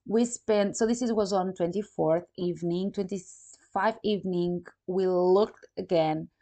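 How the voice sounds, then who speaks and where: A woman vlogger chatting casually to camera, telling a personal story in animated, non-native English full of "you know, like.". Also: lowish voice, measured pace. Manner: animated, acts out quoted dialogue.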